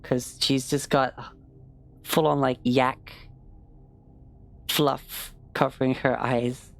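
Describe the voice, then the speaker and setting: Woman game master, very deep voice, slow, hesitant, lots of fillers. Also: little pitch movement, vocal fry. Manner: hesitant, full of fillers, swears when frustrated. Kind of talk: narrating a tabletop game.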